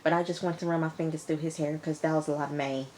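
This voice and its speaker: A woman who reviews TV episodes recaps one in a low voice at a quick pace. She's chatty and animated, calling listeners "y'all" and "girl" and acting out the characters' lines.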